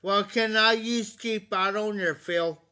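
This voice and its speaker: A man's voice: sits high, fairly even intonation, measured pace, bright, forceful tone, clear, resonant tone. A man hosting a casual livestream, talking anxiously to viewers, pleading for help and repeating himself. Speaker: livestream host.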